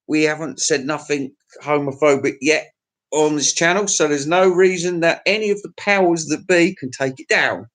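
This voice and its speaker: A man's voice: on the high side, normal speed, fairly bright tone. A man hosting a livestream, telling crude, profane, jokey stories in a rambling casual chat to his viewers. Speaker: livestream host.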